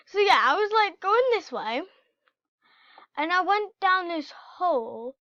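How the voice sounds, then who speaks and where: A woman giving casual, excitable commentary while playing a video game and chatting to her in-game pets. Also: very high voice, takes it slowly, dry recording, studio quality. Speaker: gameplay channel host. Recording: dull lo-fi home recording.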